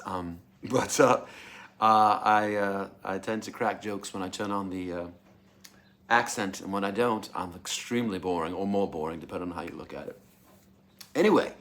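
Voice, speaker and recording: A man hosting his music channel, chatting casually to camera. He talks in an excitable way, with many fillers and restarts. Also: lowish voice, moderate pace.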